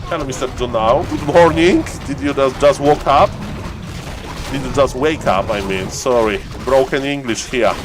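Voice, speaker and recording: A man casting a strategy game live on stream, joking around and yelling excitedly when fights break out. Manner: playful, jokey, bursts into excited high-pitched yelling in fights. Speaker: esports caster.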